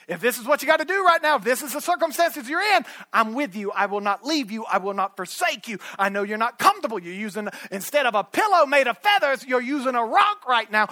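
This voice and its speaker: High, lively-voiced preacher man. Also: brisk, no echo. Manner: swings from loud shouting peaks to hushed storytelling. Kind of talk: sermon.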